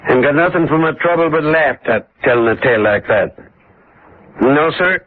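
A man's voice: fairly high pitch, expressive, normal speed. An actor playing a stubborn, evasive older rural man with a laconic backcountry drawl, in a 1940s-style radio drama. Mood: grumbling. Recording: tinny hissy old radio broadcast.

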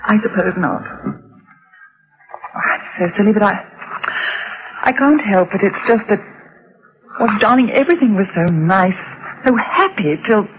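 A woman's voice: medium pitch, lively intonation, unhurried, long pauses, noisy background, lightly acted. A woman playing a worried young mother. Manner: worried, hesitant, gentle. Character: anxious young mother and narrator. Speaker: narrator. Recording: dull lo-fi old radio recording.

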